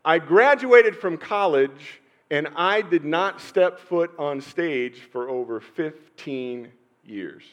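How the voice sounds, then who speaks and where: Slightly high-voiced middle-aged male pastor preaching. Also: animated. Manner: personal storytelling with pauses and sudden swells in loudness. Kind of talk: sermon.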